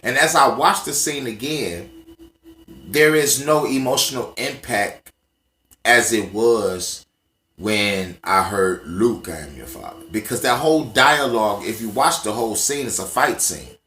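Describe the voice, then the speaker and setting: A vlogger with a bright, forceful, medium-pitched voice rants casually to the camera at a measured pace in an echoey room. Profane and emphatic, he tells stories from memory in a conversational way.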